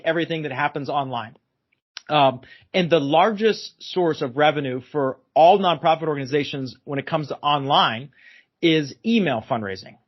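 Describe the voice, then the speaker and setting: A man as a guest expert on a podcast interview, explaining at length and emphatically repeating his key phrases. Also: a little high. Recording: dull lo-fi sound.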